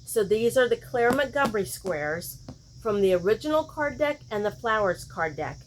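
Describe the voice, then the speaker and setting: A woman's voice: on the high side, expressive, moderate pace, slight background noise. A woman hosting a crochet vlog, chatting casually and thinking aloud, often questioning herself mid-sentence. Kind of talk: casual show-and-tell chat.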